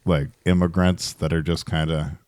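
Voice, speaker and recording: A young man with a very low voice ribbing his co-hosts on a comedy podcast. His delivery is dry and teasing, recorded close with no room sound. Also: little pitch movement, moderate pace, a little mellow, clear, resonant tone, no echo. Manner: dry, teasing, leading questions. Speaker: podcast co-host. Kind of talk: casual comedic chat.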